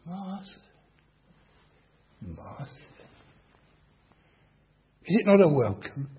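A man preaching a sermon slowly and deliberately, asking the congregation rhetorical questions. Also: a little high. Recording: dull lo-fi recording.

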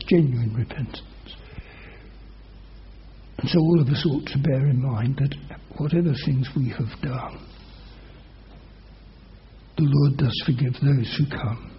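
A man's voice: medium pitch, a little hiss or hum. Dramatic preacher, man, muffled lo-fi sound. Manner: dramatic storytelling, rising loud for quoted oaths. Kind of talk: sermon. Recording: dull lo-fi recording.

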